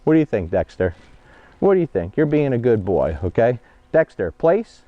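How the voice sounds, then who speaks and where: A man's voice: medium pitch, very animated, fairly quick. Blunt New man coaching dog handling. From New Jersey, USA. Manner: direct, conversational, keeps checking in with "okay?" and "guys". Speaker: dog trainer. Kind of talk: instructional vlog while training a dog. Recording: dull, muffled lo-fi mic.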